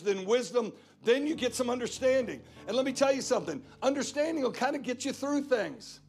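A man's voice: very high voice, vocal fry, breathy edge. A man preaching a sermon as guest pastor, emphatic and repetitive, driving points home again and again. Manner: emphatic preaching with repeated phrases. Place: church.

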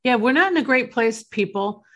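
Bright-voiced fervent woman host. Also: a little high, lively intonation, normal speed. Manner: fervent, emotional, emphatic. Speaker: podcast host. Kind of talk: casual chat.

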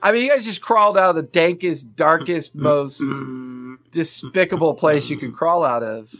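A man's voice: on the high side, moderate pace, no echo. Laid-back man narrating a tabletop game. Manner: relaxed, hesitant narration with fillers. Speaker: game master.

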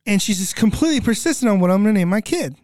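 A middle-aged man, a podcast guest, telling a family story in a casual, animated way and acting out the voices of the people in it. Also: sits high, rapid-fire, no echo, clean studio sound. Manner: animated, acts out quoted voices.

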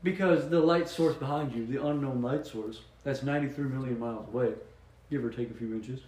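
A man co-hosting a podcast, rambling through absurd mock explanations in a deadpan way and laughing at his own jokes. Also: medium pitch, fairly quick, roomy sound, poor audio. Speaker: podcast co-host. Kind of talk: joking casual chat.

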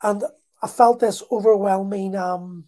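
A man telling a personal story in a halting, emotional way, full of restarts. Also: sits high, fairly even intonation, background noise.

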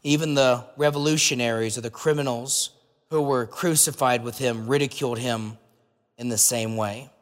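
A man's voice: medium pitch, steady tone, moderate pace, in a large hall. A pastor preaching a sermon in an earnest, conversational way, asking his listeners rhetorical questions.

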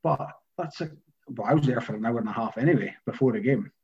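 Scottish man, mid pitch, emphatic, opinionated, muffled lo-fi audio. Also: quick pace, darkish tone. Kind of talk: casual podcast chat. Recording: dull lo-fi sound.

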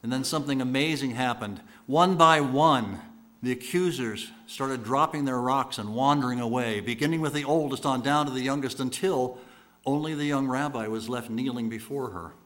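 A male preacher with a mid-pitched voice tells stories as a sermon. He builds with rhetorical repetition and swings between loud bursts and hushed, slowed lines. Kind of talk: dramatic sermon storytelling.

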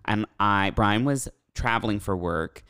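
A woman co-hosting a casual chat, telling stories with lively acted-out quotes that jump up high. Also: measured pace, clean tone, no room sound, studio quality. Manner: animated storyteller, acts out quotes in a high squeaky voice.

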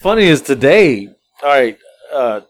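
A middle-aged man co-hosting a podcast, telling everyday stories in a relaxed, rambling way with many restarts. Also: mid-range voice, measured pace. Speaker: podcast co-host. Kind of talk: casual storytelling chat.

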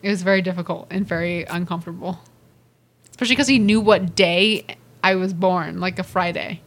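A woman's voice: fairly low pitch, brisk. A woman in her twenties co-hosting a podcast, telling a story in casual chat, quoting people and laughing. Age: 20s. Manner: storytelling, with voiced quotes and laughs. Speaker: podcast co-host.

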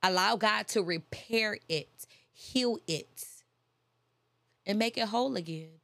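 A woman delivers a faith-based motivational talk straight to her listeners. She is emphatic, hammers her points home by repeating them, and lifts into preachy peaks. Her voice sits at a middle pitch, and the recording is dry and close. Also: takes it slowly, vocal fry, fairly bright tone, no room sound. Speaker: motivational speaker.

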